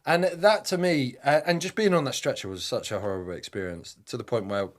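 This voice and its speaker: A man's voice: mid-range voice, a little fast. A man in his thirties, a podcast guest and army veteran, telling a rambling, vivid war story with plenty of swearing. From United Kingdom. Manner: acts out quotes in a raised voice.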